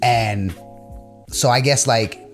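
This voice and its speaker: A man's voice: mid-range voice, slow pace. Blunt, rambling man with faint music behind. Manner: rambling, full of "like" fillers, blunt and profane. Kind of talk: casual storytelling chat.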